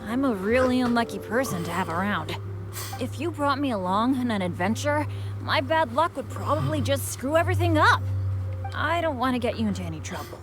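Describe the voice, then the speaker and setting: A woman's voice: on the high side, lively intonation, brisk, lightly acted. A woman voicing a cheerful, self-deprecating teenage boy adventurer in a video game, eager and bouncy. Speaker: game character. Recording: game audio with loud background music.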